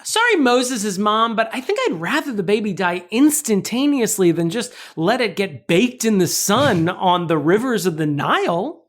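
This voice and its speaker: A woman's voice: mid-range voice, sing-song, normal speed, few pauses. Joking woman podcast co-host. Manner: jokey, rambling, laughs often. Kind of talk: casual chat.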